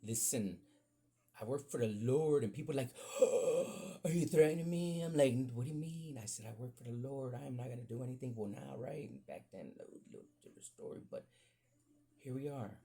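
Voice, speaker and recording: A man hosting a podcast, telling a profane, animated story in casual talk that jumps up high when he gets excited. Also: fairly quick, creaky, slightly rough. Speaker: podcast host.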